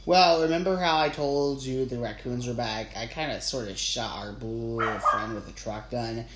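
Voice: mid-range voice, normal speed, fairly bright tone, a little hiss or hum, voice pushed down, natural voice. A narrator voicing a nervous, rambling small-town policeman in an audiobook reading, recorded in a roomy space. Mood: earnest. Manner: flustered, rambling. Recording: roomy with faint ambience.

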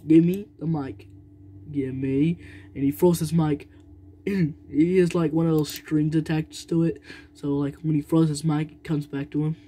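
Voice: mid-range voice, little pitch movement, moderate pace, dark tone. A young narrator telling a toy play story, rambling and stalling with fillers and humming, indoors at home.

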